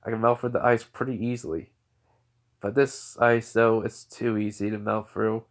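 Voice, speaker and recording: A man voicing a calm, cocky teenage boy hero who talks in a relaxed, smug way. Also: on the low side, moderate pace, close to an everyday voice.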